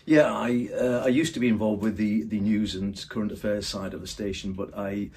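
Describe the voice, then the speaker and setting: Husky, hesitant low-voiced man. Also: fairly even intonation, normal speed, a little mellow. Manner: hesitant, earnest, many ums. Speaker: radio programmer character in a mockumentary. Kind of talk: comedic deadpan interview.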